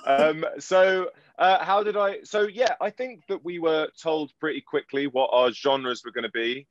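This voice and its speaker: A man's voice: a little high, unhurried, no room sound, muffled recording. A man from London with a London English accent, an actor answering panel questions in a rambling, self-deprecating, jokey way. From London, England. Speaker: actor and guest.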